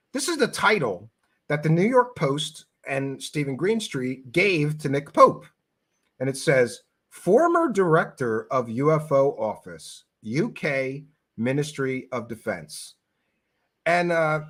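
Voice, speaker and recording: A man's voice: on the high side, slightly rough. A man hosting his show, giving sarcastic, emphatic video commentary and hammering his points home by repeating them. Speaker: show host.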